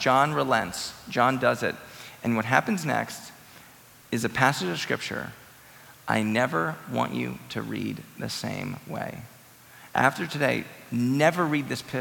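A man's voice: medium pitch, creaky, pushed and bright. A man preaching a sermon as pastor, emphatic and conversational, repeating phrases for weight. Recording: reverberant hall.

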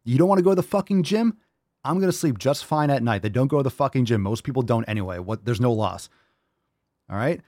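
A man's voice: mid-range voice, lively intonation, quick pace, darkish tone, no echo, clean studio sound. Blunt, profane man ranting on his podcast. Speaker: podcast host. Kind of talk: opinionated fitness podcast rant.

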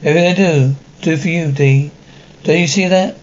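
A man's voice: a little high, normal speed, darkish tone, lo-fi sound, lightly acted. A man voicing a frustrated teenage boy who talks sullenly and swears when angry. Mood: bitter.

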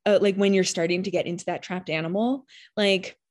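A mother talks in a relaxed, meandering way, her voice sitting a little low. She leans on lots of fillers as she thinks out loud. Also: fairly quick. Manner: rambling, filler-heavy, reflective. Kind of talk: casual chat.

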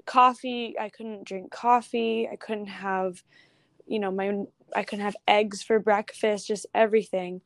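A woman's voice: mid-range voice, steady tone, dry recording. Young woman, casual interview guest, rambling storyteller; dry recording. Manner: chatty, with restarts and quick asides. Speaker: guest photographer.

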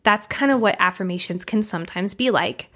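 A woman's voice: mid-range voice, a little fast, fairly bright tone. Young adult woman, life coach, podcast host, candid, emphatic, casual swearing, mid-range voice.

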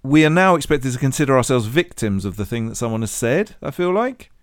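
A man with a mid-pitched voice who rants and mocks, swearing freely. His intonation jumps about a lot. The sound is dry and close. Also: animated, fairly quick, dry recording. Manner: swearing, ranting, mocking. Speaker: podcast co-host. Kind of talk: casual comedic chat.

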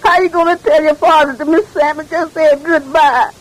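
An actress playing a frightened, crying housemaid who pleads anxiously in a 1940s radio drama. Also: female voice, high voice, steady tone, moderate pace, close to an everyday voice, low-quality recording. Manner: pleading, dialect speech.

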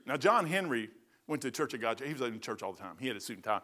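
An older man, a pastor telling folksy stories in a sermon, rambling and swinging from loud to hushed. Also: mid-range voice, big pitch swings, fast. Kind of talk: storytelling sermon.

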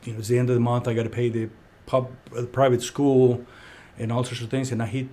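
A man hosting a casual talk, telling a personal story in a conference room, lively when he quotes other people. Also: mid-range voice, fast talker. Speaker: podcast host. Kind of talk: casual conversation. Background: heater running.

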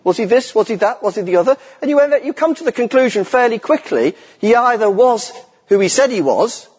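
With a very high-pitched, expressive voice that is a little mellow and has a breathy edge, this middle-aged lay preacher speaks a little fast. He preaches an earnest, emphatic sermon in a church, repeating key phrases for weight, and the hall is echoey with long reverb.

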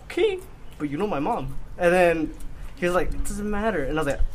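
Young man, casual storytelling, slightly high voice, acts out quotes, faint background noise. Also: fairly quick. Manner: animated, acts out quoted lines. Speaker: podcast host.

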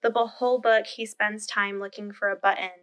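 Friendly bright-voiced woman chatting. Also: mid-range voice, little pitch movement, brisk. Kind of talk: casual chat.

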